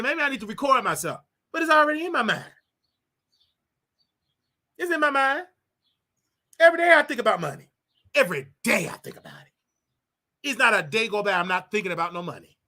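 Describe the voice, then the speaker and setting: A man hosting a casual livestream, talking straight to his viewers in an animated, repetitive way with preachy asides. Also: high voice. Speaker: livestream show host.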